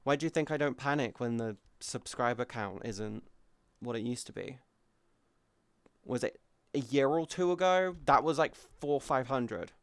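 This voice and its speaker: A man answers his chat during a live stream, candid and open, cursing freely as he goes. His voice is smooth, resonant and mid-range, and he speaks unhurriedly. The audio is close and dry, with no echo or room sound.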